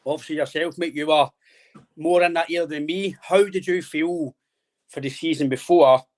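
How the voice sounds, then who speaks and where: A man's voice: fairly high pitch, steady tone, normal speed. Chatty young man. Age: 20s. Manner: friendly, rambling, says "mate" constantly. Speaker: podcast host. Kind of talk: casual podcast chat.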